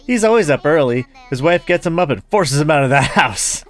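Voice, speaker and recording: Lively man voicing a game playthrough. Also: fairly high pitch, fairly quick. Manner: reads every character aloud, switching voices; jokey, laughs at the game. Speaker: gaming YouTuber. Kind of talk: let's play, voicing game dialogue.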